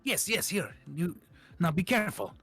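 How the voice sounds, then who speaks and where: A man's voice: high voice, sing-song, moderate pace, sharp tone, breathy edge, faint music behind, heavily acted. A man voicing a flamboyant male bard in a tabletop game, speaking in a theatrical, grandiose way.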